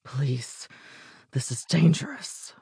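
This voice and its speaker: A man's voice: fairly high pitch, big pitch swings, takes it slowly, creaky, a little mellow, breathy edge, no echo, studio quality, full character voice. Woman voicing a strained, growling man. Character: tense young man fighting his own heat.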